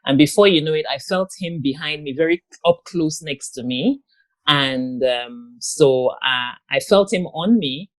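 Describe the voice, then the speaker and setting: A grown woman giving an interview guest's personal account, talking in a halting way with many pauses and restarts. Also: a bass voice, dry recording. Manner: halting, with frequent ums and restarts. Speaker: guest, abuse survivor and author.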